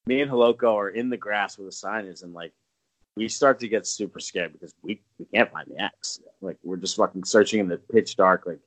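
A man in his thirties, a podcast co-host telling a story casually, swearing freely and jumping up in pitch when acting out quotes. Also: brisk. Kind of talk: casual storytelling among friends.

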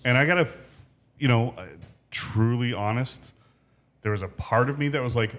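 A man, a chef guest on a casual podcast, telling a story in a relaxed, rambling way. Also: medium pitch, moderate pace.

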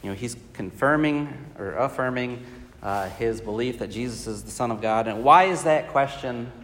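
A man's voice: medium pitch, normal speed, a bit bright. A man teaching a Bible study class, talking conversationally with many fillers and putting questions to the group. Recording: reverberant hall.

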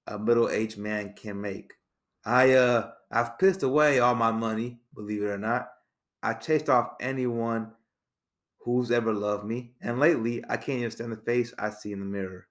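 A man reading out the pep talk of a weary middle-aged male football coach, in an earnest, measured delivery. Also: fairly low pitch, lightly acted.

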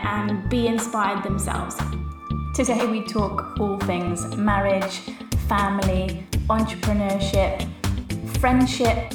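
A woman's voice: mid-range voice, fairly even intonation, slow, far from the mic. A woman hosting a podcast, introducing her guest in an enthusiastic and upbeat way. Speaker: podcast host. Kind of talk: podcast interview. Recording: echoey room, off-mic, with music behind.

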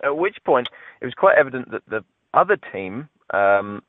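A man's voice: medium pitch, moderate pace, no room sound. A man with a southern English accent, telling a self-mocking story in casual podcast chat. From Britain. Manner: wry, self-mocking, animated. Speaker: podcast co-host. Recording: tinny phone-line sound.

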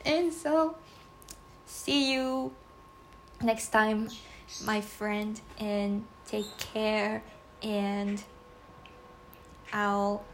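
A woman's voice: mid-range voice, steady tone, drawn-out words, pauses often, slight background noise. A woman hosting a casual solo podcast, speaking English as a second language, chatty and rambling with frequent giggles. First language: not English. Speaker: podcast host.

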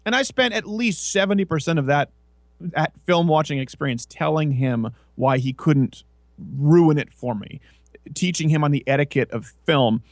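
A man's voice: a little high, moderate pace, a little mellow, dry recording, studio quality. A man hosting a casual talk show, rambling and joking as he tells stories. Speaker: podcast host. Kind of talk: casual chat.

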